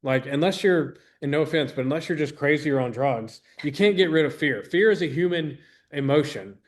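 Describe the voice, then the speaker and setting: A man's voice: a little high, fairly quick. A man in his thirties, a business trainer giving an earnest, rambling motivational talk to an audience, full of restarts and acted-out quotes.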